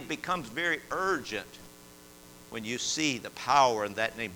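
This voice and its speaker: A man, a prison chaplain preaching a sermon and telling stories in a folksy way, at times rising into shouted praise. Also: mid-range voice, expressive, unhurried, a little hiss or hum, rough recording. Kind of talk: sermon with testimony.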